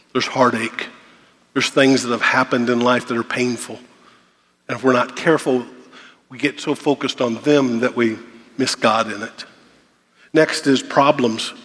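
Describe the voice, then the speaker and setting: A man's voice: medium pitch, fairly bright tone. A man preaching a sermon as a pastor, asking rhetorical questions, repeating key words and acting out the worries of his listeners. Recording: long hall reverb.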